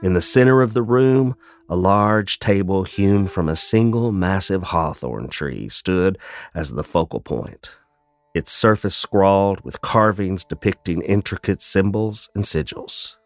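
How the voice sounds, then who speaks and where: Male narrator, deep voice, calm measured fantasy storytelling, soft music behind. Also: no echo.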